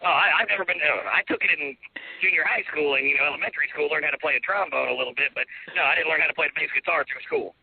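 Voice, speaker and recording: Gravelly, husky-voiced radio host man, quick and profane, phone-line quality. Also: on the high side, no echo. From New York. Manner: brash, joking, profane. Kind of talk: casual radio talk. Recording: tinny phone-line sound.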